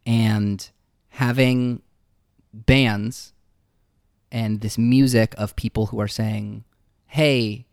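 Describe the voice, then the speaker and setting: Low-voiced man telling his story. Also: little pitch movement, gravelly, a little mellow, no room sound, studio quality. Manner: reflective, halting with fillers. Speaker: musician guest. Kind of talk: casual interview storytelling.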